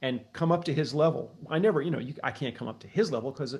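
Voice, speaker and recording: Fast-talking and on the high side with a darkish tone, a middle-aged American man appears as an interview guest. A blues harmonica player and author, he spins long reflective stories casually, with many restarts.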